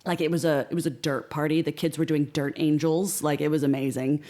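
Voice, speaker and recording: Lively American woman telling stories. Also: low-pitched, a little fast. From United States. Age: 40s. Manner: lively, animated, acts out friends' voices. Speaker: guest. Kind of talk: casual storytelling.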